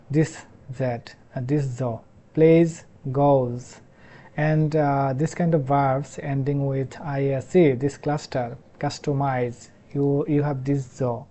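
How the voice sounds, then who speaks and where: Slow Bangladeshi man teaching English sounds. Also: mid-range voice, dark tone. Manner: halting, repeats sounds over and over. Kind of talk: explanatory lesson.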